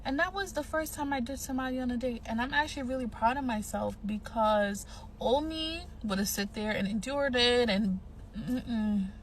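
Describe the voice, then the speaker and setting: A woman's voice: on the high side, normal speed, a little hiss or hum. A woman telling a dating story in a casual, blunt and sassy way, swearing freely.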